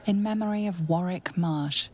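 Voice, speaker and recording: A woman voicing a dry game narrator who reads grave inscriptions in a deadpan, unimpressed way. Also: lowish voice, moderate pace, a little hiss or hum, lightly acted. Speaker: game narrator reading tombstones.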